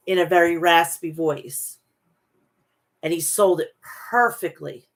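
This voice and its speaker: A woman with a slightly low voice recaps wrestling matches in quick play-by-play. She moves briskly from move to move and often stops to correct herself mid-word. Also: a bit bright. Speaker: wrestling show host.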